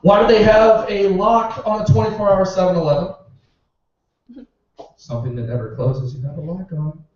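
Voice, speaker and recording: A man's voice: sits high, steady tone, moderate pace. Young male stand-up, exasperated ranting, heard from off-mic in an echoing club. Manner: exasperated rants with profanity. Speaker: stand-up comedian. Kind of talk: stand-up routine at a comedy club. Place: small comedy club. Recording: roomy, distant, muffled club recording.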